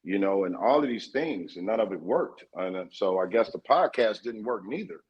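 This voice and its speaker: A man, a guest in a casual interview, telling a story in a streetwise and profane way, getting more animated as he goes. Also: fairly low pitch, normal speed, husky, muffled recording.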